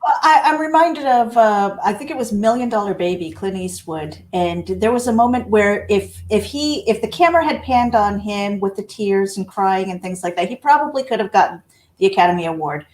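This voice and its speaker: Earnest female co-host, mid-pitched voice. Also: animated, normal speed, a little mellow. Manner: earnest and appreciative. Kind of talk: casual interview chat.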